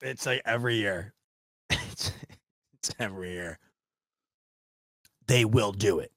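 A man's voice: on the low side, takes it slowly, fairly bright tone, dry recording, clean studio sound. A man hosting a casual sports podcast, rambling in a frustrated, self-deprecating way and swearing now and then. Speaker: podcast host.

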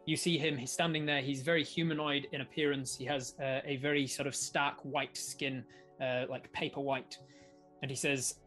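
A man narrating a tabletop game as game master, animated, laughing often. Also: medium pitch, normal speed, soft background music.

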